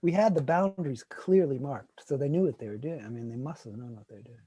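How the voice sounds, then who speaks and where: A man co-hosting a casual chat, telling a story animatedly and acting out other people's lines loudly. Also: mid-range voice, fast talker, slightly rough, no echo. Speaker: co-host.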